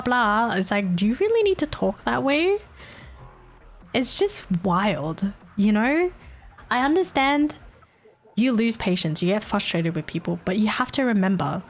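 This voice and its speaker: A young woman streaming live, chatting casually with viewers and venting animatedly, swearing freely. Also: medium pitch.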